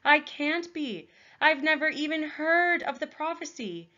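A woman's voice: high voice, animated, unhurried, sharp tone, dull audio, voice pushed up, full character voice. A woman reading aloud, voicing a frightened young boy who pleads tensely. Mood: nervous. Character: frightened boy on the run, earnest.

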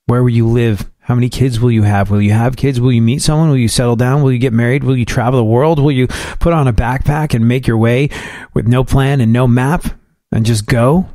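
A man's voice: medium pitch, steady tone, brisk, mellow, no echo, clean studio sound. A man hosting a solo podcast, talking in a chatty, wry way with asides and jokes. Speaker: podcast host.

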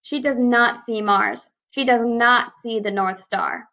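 A woman teaching first graders, speaking in a slow, clear and deliberate way as she reads aloud and goes over sight words. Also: on the high side, pushed and bright. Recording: slightly dull lo-fi recording.

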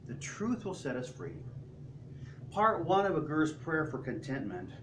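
A male pastor's fairly high, sing-song, slightly bright voice fills a church sanctuary at a measured pace as he tells lively stories and asks rhetorical questions in his sermon. The recording is roomy and distant, with faint ambience and a little hiss or hum.

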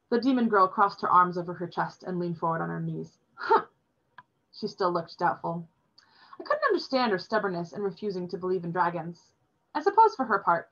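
A woman reading a novel chapter aloud in a steady storytelling manner. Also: lowish voice, brisk. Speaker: reader. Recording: dull lo-fi recording.

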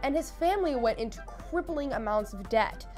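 A woman's voice: high voice, expressive, normal speed, a little mellow, faint music behind. A young adult woman vlogger animatedly retelling a role-play game in casual storytelling.

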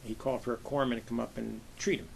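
Older Pennsylvania-raised man, gravelly voice, medium pitch, rambling yarn-spinner recalling his navy days. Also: steady tone, fast, a little hiss or hum, poor audio. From western Pennsylvania, USA. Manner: rambling anecdotes with frequent uh and I says. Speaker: navy veteran interviewee. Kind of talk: oral history storytelling.

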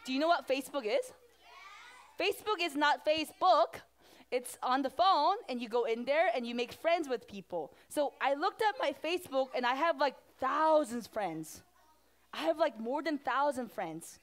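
High-voiced woman pastor talking to kids. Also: moderate pace. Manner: animated, asks the children questions. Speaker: children's pastor. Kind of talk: children's sermon.

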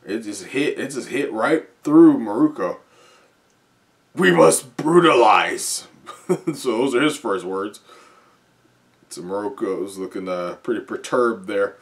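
A man reading a comic live and reacting as he goes, often chuckling and halting with fillers. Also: fairly low pitch, a little mellow. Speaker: comic reviewer.

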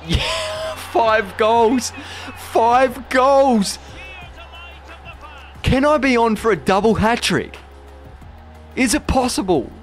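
A young man commentating his own football video game play, excitable and boastful, shouting when he scores. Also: high voice. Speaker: gaming YouTuber. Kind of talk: live gameplay commentary.

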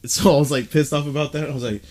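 A man's voice: on the high side, steady tone, quick pace, a crowd in the background. A man co-hosting a podcast, recalling a story loosely, laughing and joking as he talks. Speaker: podcast co-host. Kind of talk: casual storytelling chat.

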